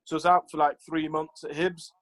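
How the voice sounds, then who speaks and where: A man's voice: on the high side, little pitch movement, a little fast, fairly bright tone, poor audio. A man who is a former professional footballer, telling stories casually as an interview guest, with lots of "like" and "you know" and acted-out quotes.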